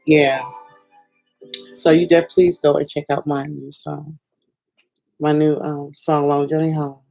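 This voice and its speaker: A woman chatting excitedly on her first livestream from home at night, rambling and laughing, with sudden bursts of squealing joy. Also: low-pitched, measured pace, creaky, faint music behind, poor audio. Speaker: filmmaker and singer doing her first livestream. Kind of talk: casual excited livestream chat.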